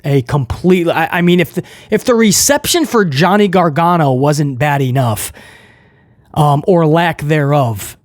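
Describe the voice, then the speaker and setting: A man's voice: fairly high pitch, dry recording, studio quality. A man reviewing a wrestling show, ranting with frustration in an emphatic, opinionated way.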